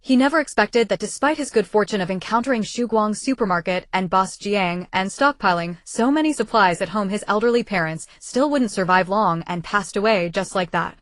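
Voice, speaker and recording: A woman reads a web-novel audiobook at a steady, even pace. Her voice sits in a middle pitch and is recorded close, dry and without room echo. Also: brisk, hardly any pauses. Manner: even, steady reading of a translated web novel, with slips in pronouns. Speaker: narrator. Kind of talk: scripted audiobook narration.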